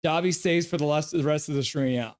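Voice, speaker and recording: A man with a somewhat high voice hosts a casual live stream. He reads out viewer comments and calls the plays loosely as they happen. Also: fairly quick, darkish tone. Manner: gives loose play-by-play; coos at his dog. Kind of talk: casual live game reaction and chat reading.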